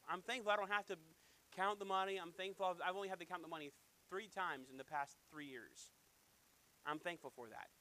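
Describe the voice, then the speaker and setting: A male pastor with a high, bright voice preaches with insistent emphasis. He circles back on phrases, repeating them as he tells stories from his own life. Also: poor audio. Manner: emphatic, repetitive, anecdotal storytelling. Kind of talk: sermon.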